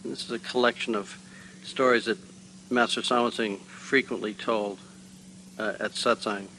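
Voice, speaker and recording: Bright-toned man reading spiritual texts. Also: fairly low pitch, fairly even intonation, a little hiss or hum, poor audio. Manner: measured, with hesitant asides. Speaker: reader at a spiritual gathering. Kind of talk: reading a spiritual text aloud.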